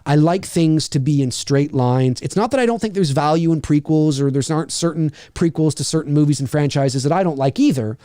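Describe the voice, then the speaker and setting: A man hosting a podcast, talking in a casual, animated, rambling way, repeating words and swearing often. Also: a little high, fairly quick, few pauses, no room sound. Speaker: podcast host. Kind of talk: casual chat.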